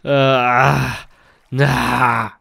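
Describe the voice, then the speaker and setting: A man acting out a comedy skit in halting, broken English, talking himself through each step with many "oh" and "hmm" sounds. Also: mid-range voice, flat delivery, gravelly, bright, forceful tone. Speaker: skit performer.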